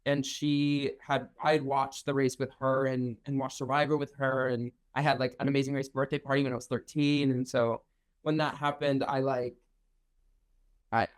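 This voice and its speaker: A young man being interviewed as a winning contestant, speaking in halting phrases full of fillers. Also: medium pitch, level tone, clean tone, rough recording. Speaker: race winner guest. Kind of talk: emotional interview reflection.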